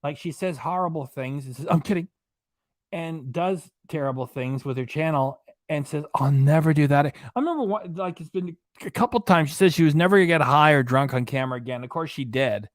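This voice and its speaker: A man's voice: on the high side, brisk, hardly any pauses, dry recording, studio quality. A man delivering angry, indignant commentary, ranting and repeating himself. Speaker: reaction channel commentator.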